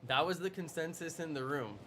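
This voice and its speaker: A man's voice: a little high, fairly quick, fairly bright tone, slight background noise. A young man live streaming, chatting casually with his audience in a playful, teasing way. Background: background music.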